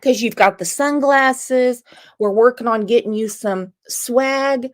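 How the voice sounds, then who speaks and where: A woman's voice: on the high side, slow. Chatty Southern woman hosting a stream. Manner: chatty and teasing, reads viewer comments aloud. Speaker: host. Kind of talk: casual livestream chat.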